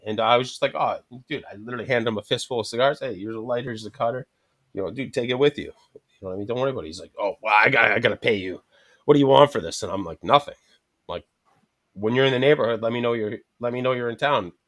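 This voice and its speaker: A man's voice: medium pitch, fast talker, fairly bright tone. A man telling rambling, profane anecdotes in casual chat, acting out both sides of each conversation.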